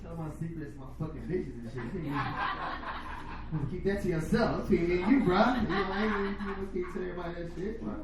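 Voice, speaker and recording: A man's voice: high-pitched, fast talker, recorded from a distance, crowd noise. Crude, swearing male emcee in echoey room. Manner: crude, loud hype, swearing. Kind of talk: stand-up emcee and set. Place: comedy venue.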